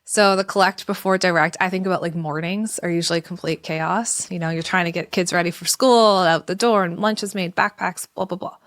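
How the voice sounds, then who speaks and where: A woman in her thirties, a parenting educator, explaining in a relaxed podcast conversation and acting out calm, soothing talk to a child. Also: on the low side, a little fast, few pauses, no echo, clean studio sound. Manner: acts out parent-child dialogues in a gentle soothing voice.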